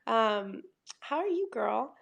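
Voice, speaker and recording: A woman's voice: a little high, sing-song, slow pace, gravelly, lo-fi sound. A talkative woman livestreaming from home, chatting casually and acting out her own conversations. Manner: chatty, over-explaining, quoting herself in dialogue. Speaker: livestream host.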